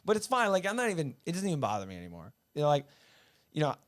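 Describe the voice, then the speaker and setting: A man from upstate New York telling family stories as a guest musician, relaxed, laughing often and swearing freely. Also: fairly high pitch, rapid-fire, dry recording. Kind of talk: casual storytelling.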